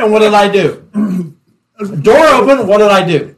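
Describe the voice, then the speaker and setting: A man's voice: high-pitched, expressive, normal speed. A middle-aged man, a former police officer, telling stories casually and animatedly, often laughing. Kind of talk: casual storytelling.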